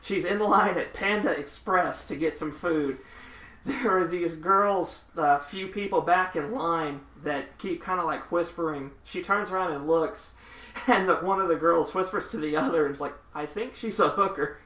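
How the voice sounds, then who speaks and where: A man hosting a podcast, telling road stories in a lively way and acting out the people in them. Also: on the high side, moderate pace. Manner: animated, laughing raconteur who acts out the people in his stories. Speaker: podcast host. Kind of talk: casual storytelling chat. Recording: echoey room.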